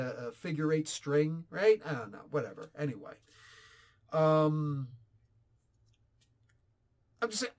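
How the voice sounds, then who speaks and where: A man in his forties giving a casual, opinionated comic book review, animated and sarcastic. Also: fairly high pitch. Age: 40s. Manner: animated, ranting, sarcastic asides.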